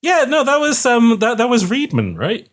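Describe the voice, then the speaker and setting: Animated, sweary male film podcaster. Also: very high-pitched, normal speed. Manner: animated, swearing, self-correcting. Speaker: podcast co-host. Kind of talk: casual film chat.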